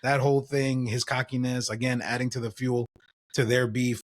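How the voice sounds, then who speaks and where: A young man co-hosting a podcast, recapping wrestling in a relaxed, casual way with lots of fillers. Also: mid-range voice, moderate pace. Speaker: podcast co-host.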